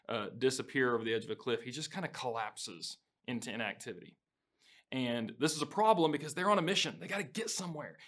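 A man with an everyday mid-range voice talks to viewers online. He retells a scene casually, like a storyteller. His tone stays relaxed and plain. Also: mid-range voice. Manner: casual, storytelling with acted-out quotes.

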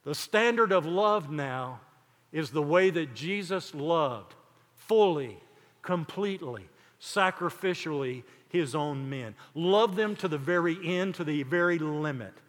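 An older man preaching a sermon, emphatic, building lists of words with dramatic pauses. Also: a little high, animated, fairly bright tone, big-room sound. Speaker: pastor.

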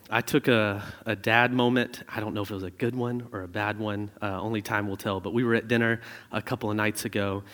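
A man in his thirties preaching a sermon in a conversational way, telling stories with animated asides. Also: on the low side. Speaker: pastor. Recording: reverberant hall sound.

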